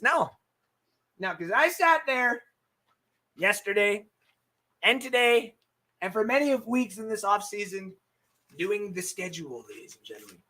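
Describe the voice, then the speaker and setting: A man's voice: sits high, sing-song, unhurried, long pauses, sharp tone. A man hosting a live-streamed football talk show, brash and hyped, swearing freely and answering viewer comments from his webcam setup. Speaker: sports podcast host.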